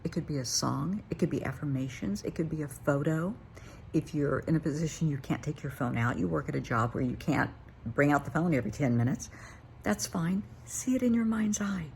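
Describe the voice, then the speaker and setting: An older woman therapist talks straight to her viewers, earnest and encouraging in a plain-spoken way. Her voice sits low and has a gravelly fry to it, with a faint hum of noise behind her. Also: lively intonation, fairly quick, darkish tone. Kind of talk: motivational talk to camera.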